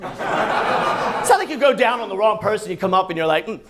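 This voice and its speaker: A man's voice: sits high, expressive, moderate pace, heavy background noise. A man doing a stand-up comedy set on a club stage, profane and exasperated, delivering punchy bits. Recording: live club with audience laughter.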